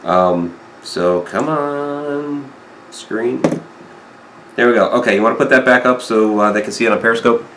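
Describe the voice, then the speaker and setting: A man's voice: mid-range voice, normal speed, a bit bright, roomy sound, a little hiss or hum, poor audio. A man hosting a casual livestream chat, easygoing as he manages the setup. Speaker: podcast host.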